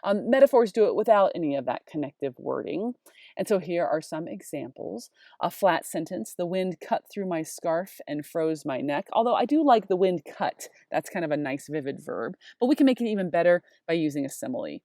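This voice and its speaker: A woman in her forties, a high school English teacher, giving an expressive, chatty video lesson and reading literary examples aloud. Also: normal speed, no echo, studio quality. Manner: expressive, gushing over sentences, chatty teacher tone.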